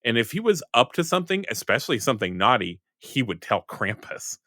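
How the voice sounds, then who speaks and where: Male game master, rambling narration, bright voice, lively pitch. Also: a little fast, no echo, studio quality. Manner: rambling, full of fillers and self-corrections.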